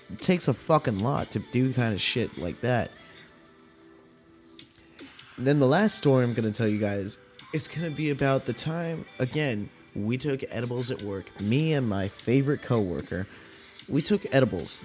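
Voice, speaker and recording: Young man, mid-pitched, casual and foul-mouthed, tells stories with lots of energy. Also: moderate pace, long pauses, soft background music. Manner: profane, animated retelling with acted-out quotes. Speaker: podcast host. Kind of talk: casual storytelling rant.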